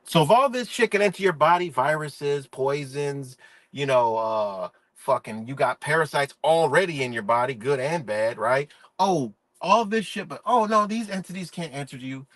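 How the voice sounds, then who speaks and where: A man's voice: mid-range voice, lively intonation, normal speed, fairly bright tone, no echo. A man ranting in a profane, emphatic, preachy way during a live-stream monologue.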